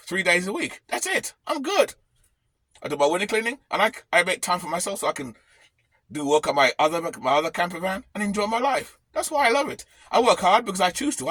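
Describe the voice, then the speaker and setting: A man's voice: sits high, fairly bright tone, slightly rough, no room sound. A man ranting bluntly on his vlog from his camper van, swearing freely. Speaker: vlogger.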